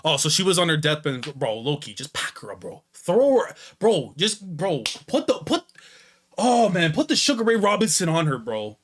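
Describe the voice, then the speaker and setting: A young man reacting to a manga chapter, excitable and slangy, jumping between loud outbursts and low mutters. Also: normal speed. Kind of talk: animated reaction commentary.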